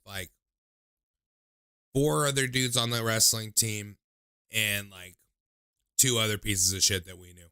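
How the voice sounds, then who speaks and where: A man's voice: pushed and bright, smooth, no room sound, clean studio sound. Profane, rambling young streamer guy. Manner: profane, rambling, lots of "like" fillers; mimics people in high voices when quoting. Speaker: livestream host taking call-ins. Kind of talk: casual storytelling chat.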